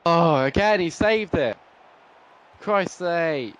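A young man commentating his own football video game play, swinging between frustrated groans and excited shouts. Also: a little high, slow pace, clear, resonant tone. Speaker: gaming YouTuber. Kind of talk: live gameplay commentary.

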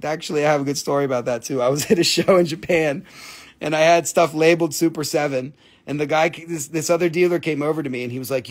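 A man's voice: on the high side, steady tone, fast talker. A man hosting a live crystal sales stream, chatting casually, swearing freely and laughing at his own jokes as he tells stories. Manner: giggly, profane, jokey storyteller.

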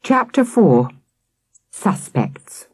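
A woman narrating a children's audiobook with an expressive, dramatic reading. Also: on the low side, very slow, breathy edge, dry recording.

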